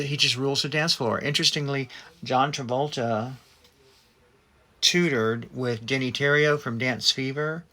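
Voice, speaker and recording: A man's voice: medium pitch, bright, forceful tone. A middle-aged man hosting a casual film talk, chatty and gushing, with many ums and restarts. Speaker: host.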